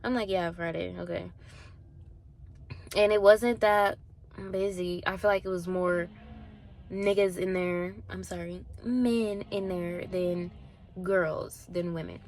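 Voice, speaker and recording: A young woman in her twenties chatting casually at the gym, animated and full of "like", acting out the people in her story. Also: lowish voice, slow pace. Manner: animated, acts out voices in quotes, frequent "like" and swearing. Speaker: vlogger.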